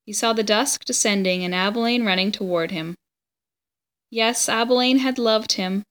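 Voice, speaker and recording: A woman's voice: medium pitch, normal speed, fairly bright tone. Woman reading a children's book aloud. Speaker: story reader.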